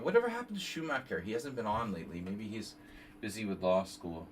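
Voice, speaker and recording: Very animated and a little quick, a man in his fifties with a fairly low voice does casual live analysis of chess games, reading moves out and veering into tangents. Faint background noise and a slightly distant mic mark the audio.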